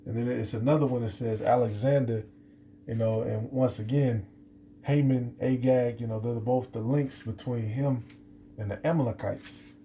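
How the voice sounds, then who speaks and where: A man's voice: mid-range voice, fairly even intonation, moderate pace, warm tone, a little hiss or hum. A man giving an unscripted scripture lesson, rambling with many restarts and fillers. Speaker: scripture teacher.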